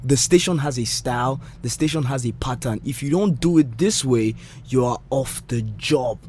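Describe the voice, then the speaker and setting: Male radio presenter guest, polished radio accent, animated and defensive, mid-pitched, repeats himself to push a point. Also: normal speed, slight background noise. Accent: polished radio-style English accent. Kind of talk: casual argumentative chat.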